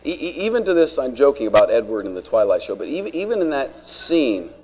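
A man's voice: medium pitch, sing-song, fast talker, a little mellow, lo-fi sound. A man preaching a sermon in a conversational way, with joking asides to the congregation. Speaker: pastor.

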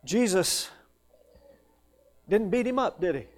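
A man preaching a sermon, emphatic, rising to loud peaks and dropping to hushed questions. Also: high voice, expressive. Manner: slow, drawn-out delivery on lists.

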